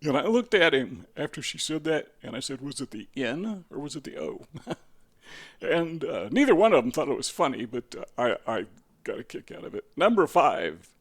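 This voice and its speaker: A man's voice: a little high, very animated, normal speed, husky. A man talking casually to camera in a musing way, asking rhetorical questions with a dry sense of humor. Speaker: video host. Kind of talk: casual spoken monologue.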